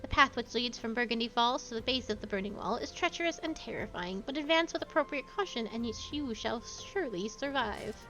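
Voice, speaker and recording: A self-important young male scholar speaks in grand, formal phrases, as a woman reads his lines aloud. The voice sits fairly high. The audio is slightly dull and lo-fi, with faint music underneath. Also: expressive, a little fast, hardly any pauses. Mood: eager. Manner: grandiose, formal reading of game dialogue.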